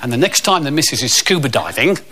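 A man's voice: mid-range voice, lively intonation, quick pace, bright, forceful tone. Self-mocking man telling a story. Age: middle-aged. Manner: rambling, self-mocking, with tag asides. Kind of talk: comic storytelling.

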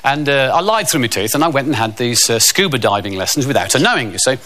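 Brief: middle-aged man, comic storyteller, bright lively voice, faint hiss. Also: mid-range voice, fast talker. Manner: rambling, self-mocking, with tag asides.

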